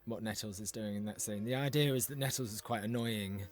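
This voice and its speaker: A man's voice: on the low side, fairly quick. A man, a film director, talking reflectively through an audio commentary with some restarts. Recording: commentary over film soundtrack.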